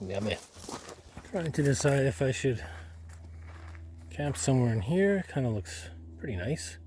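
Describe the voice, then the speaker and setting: A young man chatting casually to the camera while camping outdoors by a marsh, rambling in a relaxed way with quiet offhand asides to himself. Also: mid-range voice, unhurried, a little hiss or hum. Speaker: solo camping vlogger. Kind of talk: casual outdoor vlog commentary.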